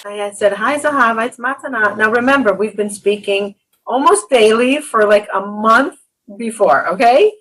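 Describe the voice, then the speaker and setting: A woman's voice: medium pitch, moderate pace, fairly bright tone, low-quality recording. A woman hosting an interview, telling a story earnestly and with animation, acting out what others said. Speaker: podcast host. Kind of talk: emotional interview conversation.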